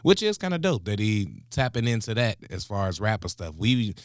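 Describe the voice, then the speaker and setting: Reaction host, male, easygoing and chuckly, lowish voice, dry close sound. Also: sing-song, normal speed, no room sound. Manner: laid-back, chuckling, giving shout-outs. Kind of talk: casual reaction chat.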